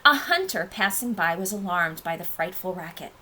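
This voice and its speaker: A nursery school teacher, a woman, reading a storybook aloud to young children with expressive, sing-song storytelling. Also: fairly low pitch, moderate pace, noisy background.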